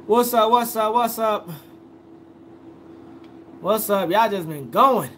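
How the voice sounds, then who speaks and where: A man's voice: sits high, takes it slowly, fairly bright tone, a little hiss or hum. A young man, a food vlogger, chatting casually on a live stream, reading viewer comments aloud and answering each one.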